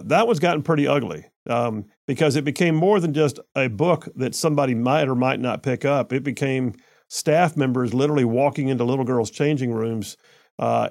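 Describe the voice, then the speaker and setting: A man hosting a radio talk show, chatty and quick, with lots of stumbling restarts. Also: medium pitch, vocal fry, darkish tone, no room sound, clean studio sound. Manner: chatty, stumbling restarts, rushes when he gets going.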